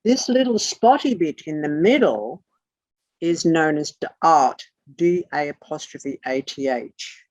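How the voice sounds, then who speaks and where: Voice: mid-range voice, animated, slow pace, a little mellow, no echo. A teacher leading an online class over a video call, bluntly spelling out terms letter by letter, with the odd swear word.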